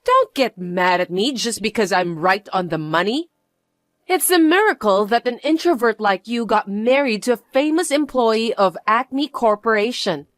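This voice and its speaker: A woman's voice: on the high side, expressive, moderate pace, a bit bright, dry recording, clean studio sound. A woman voicing a bratty, boastful young stepsister who talks in a haughty, taunting, demanding way. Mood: mocking. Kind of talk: dramatized story acting.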